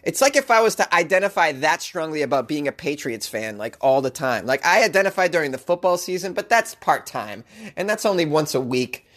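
A man with a slightly high voice rants through odd news items in a comic commentary show. He is sarcastic and animated, jumping into mock voices as he riffs. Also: a little fast. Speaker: podcast host.

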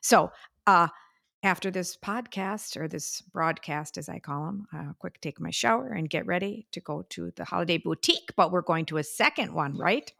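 Gravelly, bright-voiced older woman. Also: fairly low pitch. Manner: chatty storyteller, sighs and drawn-out fillers. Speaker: podcast co-host. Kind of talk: casual chat.

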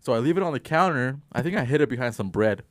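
A young man in casual chat, telling a story in a loose, laughing way with plenty of swearing. His voice sits at an ordinary pitch, and the sound is dry and close. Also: lively intonation, quick pace, no echo. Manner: laid-back, swears a lot, laughs often.

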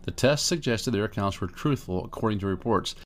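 A man's voice: on the low side, animated, a little fast. A man hosting a podcast, reading written accounts aloud and breaking off into his own plain spoken comments. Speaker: podcast host.

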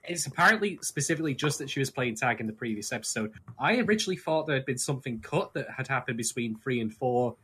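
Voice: mid-range voice, expressive, fast, few pauses, a bit bright, a little hiss or hum. A podcast co-host in casual chat, emphatic and profane while complaining about a scene.

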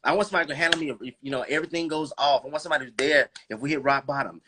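A married man with a higher-pitched voice talks rapid-fire about faith and relationships on a podcast, with noise in the background. He preaches in a fervent cadence, tossing out rhetorical questions, bursting into laughter, and calling listeners "bro" and "girl."

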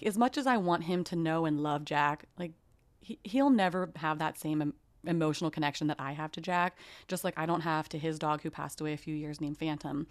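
Low-voiced woman hosting a heartfelt chat. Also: dry recording. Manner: heartfelt, full of "like" and restarts. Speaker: podcast host. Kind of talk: casual conversational interview.

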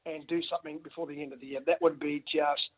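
Excitable man on a phone line. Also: on the high side, fast, breathy edge. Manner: excitable, stammering restarts, says mate a lot. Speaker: former rugby league player, guest. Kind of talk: casual radio phone interview.

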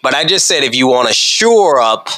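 A man hosting a podcast, his voice bright and forward and full of bouncing pitch. He teases his co-hosts with quiz questions in a playful, knowing way. The sound is close and dry. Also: big pitch swings, moderate pace, no echo, poor audio. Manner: playful, teasing quizmaster. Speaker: podcast host. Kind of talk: casual quiz chat.

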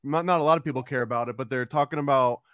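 A man's voice: mid-range voice, racing, dull audio. A man from the United States hosting a casual podcast, rambling along with lots of filler words. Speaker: podcast host.

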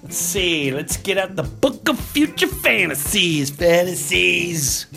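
A man's voice: sits high, takes it slowly, gravelly, over music. Earnest man telling a personal story. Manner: earnest, animated, slips into voices for others. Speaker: podcast host.

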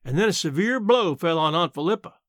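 A man reading a short story aloud in an expressive storytelling manner. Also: high voice, fairly quick, no echo, clean studio sound. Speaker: narrator.

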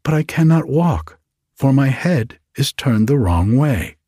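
A rueful talking distaff from a storybook, as a man puts it on, apologetic and polite. The voice is slow and a little husky, with lively rises and falls. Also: mid-range voice, no echo, studio quality, voice pushed up. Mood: regretful. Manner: apologetic, regretful.

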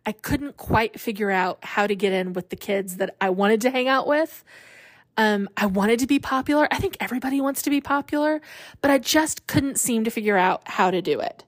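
A woman's voice: on the high side, normal speed, no room sound. Candid woman telling her story, dry close mic. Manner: candid and self-deprecating, laughing at memories. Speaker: podcast host. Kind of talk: personal storytelling.

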